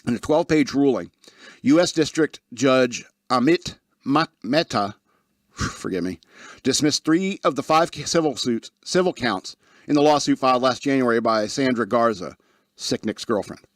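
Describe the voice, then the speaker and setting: A man hosting a talk radio show who reads news stories aloud, stumbling over names and cutting in with sarcastic remarks. His voice sits at a medium pitch and the recording is close and dry. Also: animated, normal speed, dry recording. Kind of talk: casual news commentary.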